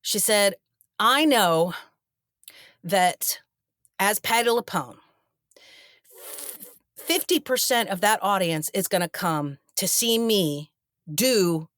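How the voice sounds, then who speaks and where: Animated woman telling a backstage story. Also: medium pitch, slow, long pauses, no room sound, clean studio sound. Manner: animated, acts out quoted dialogue. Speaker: actress guest. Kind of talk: casual storytelling interview.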